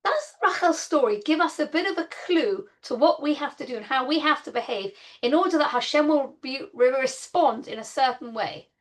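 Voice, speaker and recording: A woman's voice: high-pitched, expressive, moderate pace, hardly any pauses. A woman teaching an online Torah class over a video call. She explains step by step, reads Hebrew verses and translates them, and speaks in an earnest, heartfelt way. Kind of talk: online Bible lesson.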